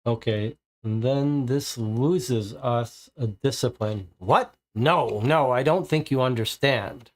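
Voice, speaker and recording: A man's voice: mid-range voice, takes it slowly, hardly any pauses. Man thinking aloud over a board game. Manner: deliberating, muttering options to himself. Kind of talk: reading card text and thinking aloud during solo play.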